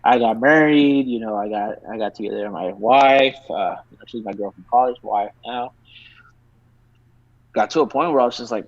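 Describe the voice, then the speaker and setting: A man's voice: lowish voice, moderate pace, no echo. A man in his thirties from Texas, a podcast guest telling a long story in casual chat and swearing freely as he rambles along. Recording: dry, slightly dull lo-fi sound.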